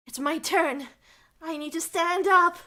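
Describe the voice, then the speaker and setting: A woman's voice: very high voice, bright, forceful tone, exaggerated voice. A woman reading aloud the lines of a nervous, eager young male exchange student in a game, stumbling a little over the words. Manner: reads narration and lines aloud, stumbling and giggling over them.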